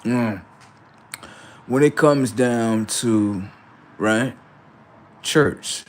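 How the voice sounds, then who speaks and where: A man's voice: mid-range voice, extremely slow, pauses often. A man hosting a livestream, lecturing viewers in a brash, confrontational rant full of swearing and repeated "right?". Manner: lectures viewers and reacts to chat. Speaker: livestream host.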